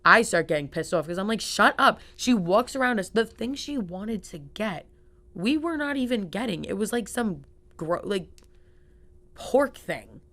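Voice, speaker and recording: A young woman hosting a podcast, telling a story fast, with lots of fillers and swearing. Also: mid-range voice, animated, a bit bright. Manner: swears freely. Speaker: podcast host. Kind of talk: casual chat.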